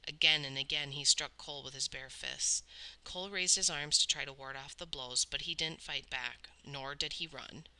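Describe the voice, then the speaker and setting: A woman's voice: low-pitched, steady tone, normal speed, bright, forceful tone, poor audio. A woman reading a novel aloud with dramatic storytelling. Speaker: audiobook reader. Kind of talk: read-aloud novel narration.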